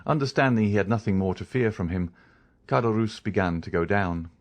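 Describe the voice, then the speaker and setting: Male audiobook narrator, low voice, even and measured delivery of a classic novel.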